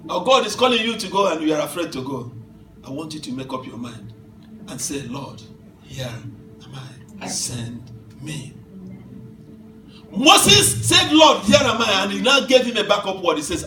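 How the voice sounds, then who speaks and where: A man in his fifties preaching a sermon as pastor, swinging from soft asides to shouted declarations and laughing through his stories. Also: sits high, slight background noise. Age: 50s. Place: church hall. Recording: echoey church hall from far off, with music.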